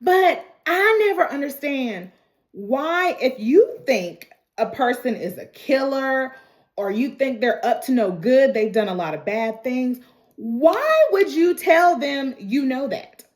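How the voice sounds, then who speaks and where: A woman talks through a TV episode in a casual recap, her voice pitched fairly high and swinging all over the place. She laughs a lot between lines, curses freely and keeps the energy up the whole way. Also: slow. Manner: animated, laughing often, swearing freely. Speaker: TV recap vlogger.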